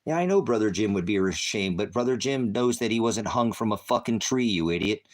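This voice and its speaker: A man with a very low voice delivers an angry, profane livestream rant as a preacher. He curses and insults constantly and speaks straight at a commenter, and his deep tone stays confrontational throughout. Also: animated, brisk. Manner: heavy cursing, insulting and berating. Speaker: online preacher.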